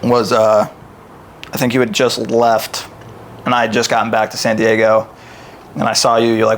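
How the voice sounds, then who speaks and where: A man's voice: medium pitch, fairly quick. Enthusiastic podcast host man, swears casually. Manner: enthusiastic and swearing freely, with lively retellings. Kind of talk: casual interview conversation.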